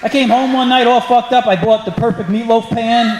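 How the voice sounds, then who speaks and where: A very high-pitched man works the crowd from a club stage, speaking a little fast with fairly even intonation, brash and profane as he ribs the audience. Background noise, echo, and audience laughter fill the recording.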